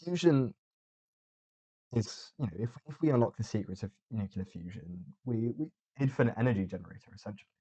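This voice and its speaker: Young man, low husky voice, sardonic rambling, dull lo-fi recording. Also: lively intonation, fast, hardly any pauses, mellow. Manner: rambling, sardonic, lots of fillers. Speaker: podcast host. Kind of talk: casual solo monologue. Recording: dull lo-fi sound.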